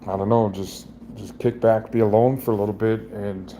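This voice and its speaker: Middle aged guy rambling through a raw, teary vlog, lowish dark voice, restarts a lot. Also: fairly even intonation, slight background noise. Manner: halting, rambling, many restarts. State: emotionally raw, near tears. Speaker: vlogger. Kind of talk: emotional personal vlog.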